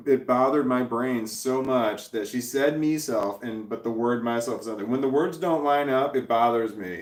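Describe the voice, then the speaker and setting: A man in his forties chatting casually on a livestream, rambling, swearing freely and chuckling as he reads viewers' messages. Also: medium pitch. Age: 40s. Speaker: livestreamer reading chat. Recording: roomy sound from a distant mic.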